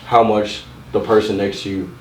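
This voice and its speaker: A man's voice: fairly low pitch, flat delivery, moderate pace, a little mellow, a little hiss or hum. A young man in casual podcast chat, asking questions hesitantly with many filler words. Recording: roomy sound from a distant mic.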